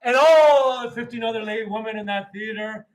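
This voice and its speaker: A man chatting while getting ready to cut hair, telling a long funny story with loud, laughing punchlines. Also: very high-pitched, fairly quick. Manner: animated, laughing storyteller who shouts punchlines. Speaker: hairdresser. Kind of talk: casual storytelling chat.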